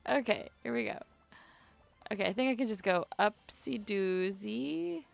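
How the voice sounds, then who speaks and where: Woman streamer muttering thru a game, giggly, bit of vocal fry, goes squeaky when nervous. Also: expressive, unhurried. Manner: rambling self-talk, giggly. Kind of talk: casual gameplay commentary.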